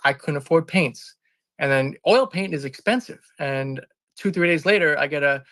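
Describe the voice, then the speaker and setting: A business founder appearing as an interview guest tells a personal story in a fairly high-pitched, forceful, bright voice. He is earnest and expressive, and he rambles, often doubling back to restart or correct himself. The sound is close and dry with no echo, and his pace is moderate.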